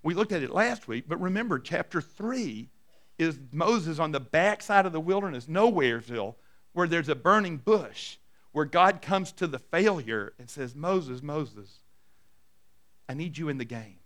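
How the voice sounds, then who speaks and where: A middle-aged male pastor preaching a sermon and telling stories, dropping soft and low for quoted lines. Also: very animated, moderate pace.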